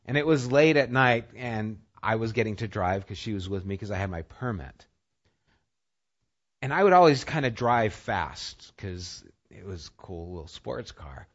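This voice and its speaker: A man preaching a sermon and telling personal stories, his voice swinging from loud and punchy to quiet and intimate. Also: fairly low pitch, expressive, moderate pace, muffled recording. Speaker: pastor.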